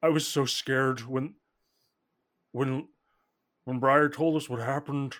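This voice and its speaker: Tabletop game: a man as a flustered, teary father, stumbling, a bit loud. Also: medium pitch, steady tone, slow. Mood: relieved. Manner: flustered, gushing, tearful. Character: warm, excitable middle-aged father.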